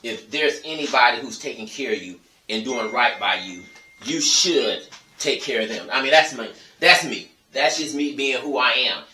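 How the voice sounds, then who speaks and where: Man vlogger, blunt and profane, bright tense edge, a bit far off the mic. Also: mid-range voice, expressive, normal speed, reverberant, a little hiss or hum. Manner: blunt, profane, emphatic ranting to viewers. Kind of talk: casual storytelling monologue.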